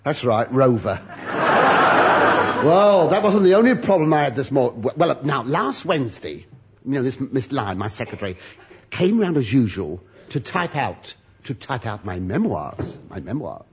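A man's voice: mid-range voice, very animated, moderate pace, heavy background noise. A man telling a rambling, self-mocking comic monologue with muttered asides. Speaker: comedian.

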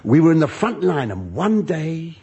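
A sing-song male voice on the high side, at a moderate pace, belongs to an older stand-up comedian in the British style. He performs a camp, innuendo-heavy monologue with sketch dialogue, acting flustered, before a live audience whose laughter and noise come through.

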